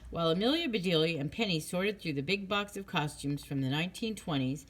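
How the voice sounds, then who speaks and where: A woman narrating a children's chapter book with a low voice. She tells the story in a clear, steady manner, easy to follow. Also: a little fast, slight background noise.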